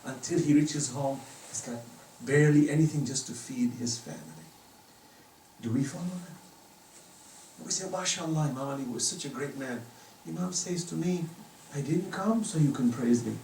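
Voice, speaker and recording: A man's voice: a little high, normal speed, gravelly, a little mellow, a little hiss or hum. A middle-aged man giving an impassioned religious lecture in a private home, pressing his points with emphatic rising questions. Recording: roomy echo, distant from the mic.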